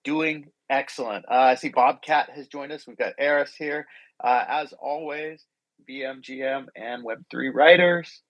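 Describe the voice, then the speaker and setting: A man's voice: mid-range voice, a little slow, a bit bright, no room sound, highs cut off. Friendly chatty guy hosting a live audio room, medium voice, dry close sound. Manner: upbeat, welcoming, chatty. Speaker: host.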